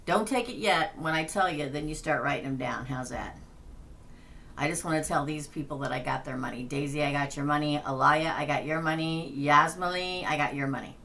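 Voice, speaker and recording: Bright-voiced chatty woman tarot reader. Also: sits low, fairly quick, slight background noise. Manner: chatty, laughing, reading names off a list. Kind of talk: casual livestream chat.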